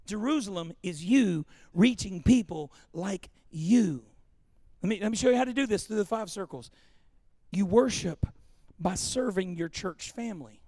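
A man preaching a sermon as pastor, joking and animated, calling for congregation responses. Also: high-pitched, dry recording, studio quality. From Louisiana.

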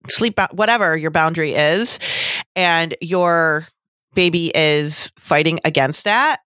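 Relaxed middle-aged woman telling a story. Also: low-pitched, no echo. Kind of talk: casual chat about parenting.

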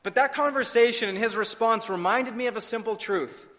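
Earnest young pastor preaching in a hall. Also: male voice, very high-pitched, fairly bright tone. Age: 30s. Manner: earnest preaching with slow emphatic pauses. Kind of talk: sermon. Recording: long hall reverb.

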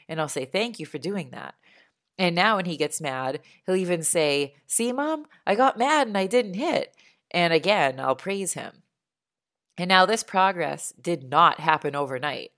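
Low-voiced mom talking calmly. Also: female voice. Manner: calm, earnest and reflective. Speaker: parent sharing advice. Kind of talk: casual spoken monologue.

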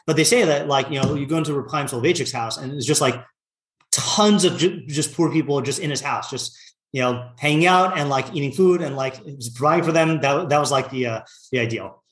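A man's voice: fairly high pitch, fairly quick, a bit bright, reverberant. A man teaching a casual Torah lesson, talking in a loose conversational way full of "like" and "you know", reading Hebrew passages aloud and translating them.

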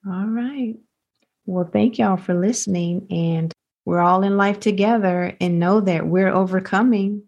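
A woman co-hosts a podcast in relaxed casual chat, her voice at a middle pitch for a woman. She affirms her partner often with short agreeing words. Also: unhurried, creaky, muffled recording. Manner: warm, affirming, with frequent "that's right" and "mm-hmm". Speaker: podcast co-host.

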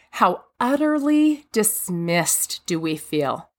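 A woman's voice: mid-range voice, very animated, measured pace, few pauses. Earnest woman giving a devotional talk. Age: adult mother. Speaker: speaker.

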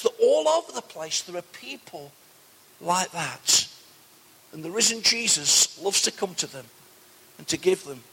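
A gravelly, husky man preaching a sermon with a fairly high voice. His earnest words ring out with a long church reverb behind them. He keeps turning to his listeners as friends. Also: bright, forceful tone. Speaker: pastor. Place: church hall.

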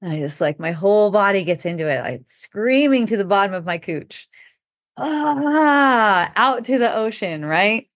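A woman's voice: mid-range voice, expressive, normal speed, hardly any pauses, dry recording. A middle-aged woman telling a personal story in casual talk, laughing often and acting out what people said. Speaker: podcast speaker.

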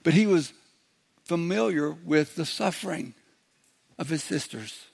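A middle-aged man preaching a sermon in a conversational way, slipping into quick acted-out voices as he goes. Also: on the high side, creaky, a little mellow, slightly rough. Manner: conversational preaching, acts out little quoted voices. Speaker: pastor.

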